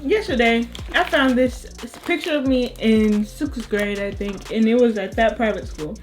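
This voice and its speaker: Giggly high-voiced teen girl. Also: moderate pace, soft background music. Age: late teens. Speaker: guest friend. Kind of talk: casual chat while eating.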